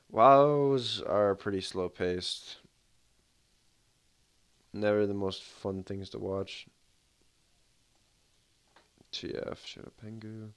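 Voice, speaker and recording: Male streamer, low-pitched, relaxed, rambling, lots of filler words, casual livestream commentary. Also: a little slow, pauses often. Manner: rambling, filler-heavy, laid-back.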